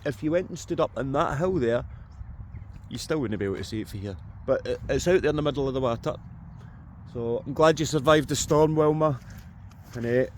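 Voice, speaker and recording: A Scottish man with a medium-pitched voice jokes and talks to viewers while metal detecting outdoors in open farm fields. It's casual vlog narration, and the recording has a little hiss or hum.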